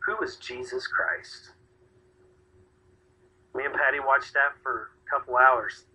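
A man's voice: mid-range voice, fairly even intonation, slow, bright, forceful tone, breathy edge, poor audio. A man hosting a casual talk radio chat, rambling and laughing often. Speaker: radio show host.

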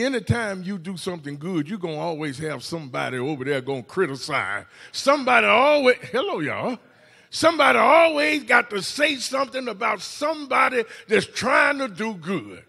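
A man preaching a Mother's Day sermon in church, shouting in bursts, stammering on repeated words and calling out to the congregation. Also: high voice, vocal fry, slightly rough. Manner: calls "hello, somebody" to the congregation. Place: church sanctuary.

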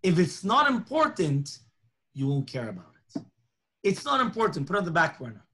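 A man's voice: sits high, normal speed, background noise. A man, a rabbi, teaching a lunchtime Torah class, telling stories and acting out the dialogue. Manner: animated storytelling, acting out dialogue.

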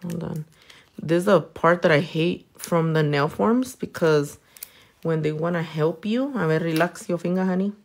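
A woman with a Californian accent and a slightly low voice talks her viewers through her work. She is playful and loose, swearing often and slipping in Spanish words. She chats casually while she works. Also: normal speed. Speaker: nail technician. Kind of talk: casual chat while working, reading comments.

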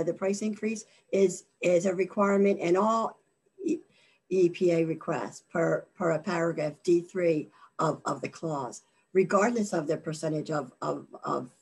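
Husky low-voiced woman presenting a webinar. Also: a little mellow. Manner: halting, many fillers and repeated words. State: losing her voice from allergies. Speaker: government contracting presenter.

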